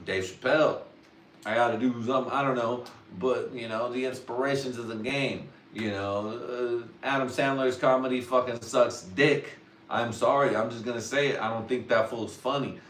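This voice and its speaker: A man's voice: medium pitch, distant mic, a little hiss or hum. A man workshopping jokes on a livestream in a rambling, profane, self-doubting way. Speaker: livestream comedian. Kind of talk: casual livestream joke workshopping. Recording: roomy, away from the mic.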